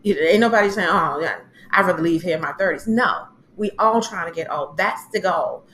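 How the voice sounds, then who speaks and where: A woman hosts a casual TV recap on her own, chatty and lively. She acts out the quotes as she retells each scene. Her voice sits in a roomy, echoing space with a light hiss behind it. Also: fairly low pitch, brisk. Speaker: TV recap host.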